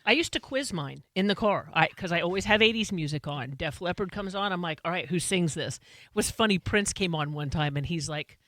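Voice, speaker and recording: A woman co-hosting a casual show in a studio, exclamatory and quick to laugh. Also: lowish voice, expressive, fairly bright tone, no echo. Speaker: co-host. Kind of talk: casual radio-show chat. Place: broadcast studio.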